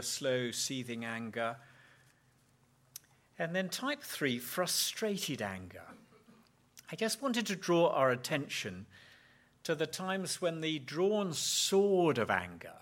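A man preaching a sermon, slowing down to stress key phrases and acting out short quoted exchanges. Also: medium pitch, fairly bright tone. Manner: emphatic, slows down for key words, acts out quoted dialogue.

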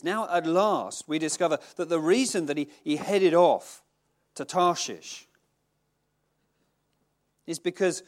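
Higher-voiced man preaching conversationally. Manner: conversational, self-mocking, animated. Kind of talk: sermon with Bible reading.

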